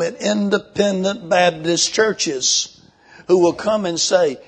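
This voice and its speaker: An older man preaching a sermon, folksy and emphatic, slowing down when he reads scripture. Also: high voice.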